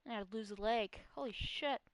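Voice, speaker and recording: A woman streaming a video game live, talking back to the characters loudly and cursing freely. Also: a little high, moderate pace, no room sound. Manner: loud, profane, talks back to the game. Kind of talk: live gaming commentary.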